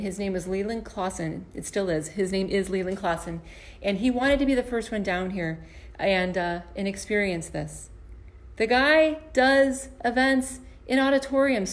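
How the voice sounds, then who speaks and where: A woman's voice: mid-range voice, moderate pace. Earnest woman giving a motivational talk. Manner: earnest, storytelling, often restarts and repeats words. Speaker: empowerment coach and comedian. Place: home basement performance space. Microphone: camera.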